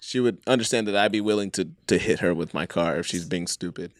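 A man's voice: deep voice, quick pace, no echo, clean studio sound. A man in a casual chat talking bluntly and swearing often.

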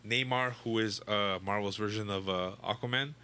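A man's voice: lowish voice, steady tone, normal speed, sharp tone, slight background noise. A young man casually retelling a comic book story to a friend, rambling and swearing, full of fillers and restarts. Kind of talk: casual chat.

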